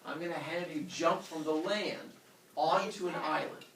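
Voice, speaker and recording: A man's voice: a little high, normal speed, gravelly, a bit bright, a little hiss or hum. A man voicing a smug, careless king of the gods with a mocking manner. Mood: scheming. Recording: echoey room from a distant mic.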